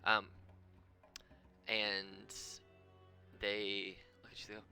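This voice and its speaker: A man narrating as game master of a tabletop game, unhurried and full of fillers. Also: lowish voice, completely flat delivery, vocal fry, pushed and bright, faint music behind.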